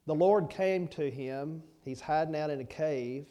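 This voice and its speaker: A man's voice: fairly high pitch, unhurried, mellow. A man preaching a sermon in a folksy manner, asking the listeners rhetorical questions and repeating key lines. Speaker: pastor.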